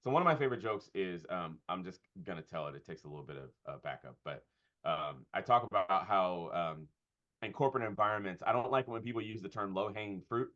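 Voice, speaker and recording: Male pastor-comedian guest, low register, halting and reflective delivery, muffled lo-fi audio. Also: lively intonation, fairly bright tone. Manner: thoughtful, halting with fillers and restarts. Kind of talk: conversational interview. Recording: dull lo-fi sound.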